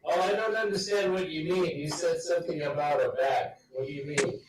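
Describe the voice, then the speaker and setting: A man's voice: on the high side, a little fast. A man in a casual group chat, teasing and playfully provocative. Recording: roomy distant noisy call with clicks.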